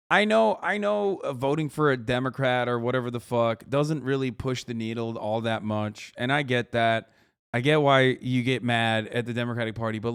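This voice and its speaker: A man's voice: mid-range voice, clean tone, no echo, studio quality. A man streaming live, reacting to a clip in casual, profane, mocking talk. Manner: profane, mocking, laid-back.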